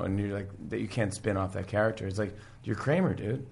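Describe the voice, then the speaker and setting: Gravelly man retelling sitcom scenes. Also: fairly low pitch. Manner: animated, acts out characters' lines in quick impressions. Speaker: podcast guest, talk show host.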